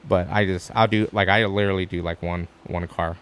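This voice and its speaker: A man guest chatting casually on a podcast, an animated storyteller who acts out quotes with sudden high jumps in his voice and swears freely. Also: a little fast, a little hiss or hum. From Arizona, USA. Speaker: guest, stand-up comic.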